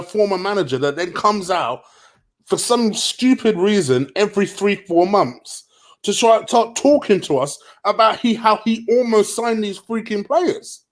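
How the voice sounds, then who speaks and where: A man ranting in a late-night football vlog, heated, profane and sarcastic. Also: sits high. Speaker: football vlogger.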